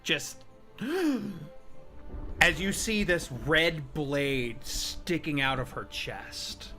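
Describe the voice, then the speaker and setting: A man running a tabletop game as game master, telling the scene in slow, dramatic narration. His voice is bright and swings widely in pitch, with faint music behind him. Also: animated.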